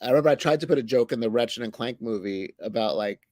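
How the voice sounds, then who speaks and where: A man's voice: medium pitch, fast talker, darkish tone, no room sound. A man chatting casually on a livestream, meandering and hesitant with many fillers. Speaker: co-host, writer.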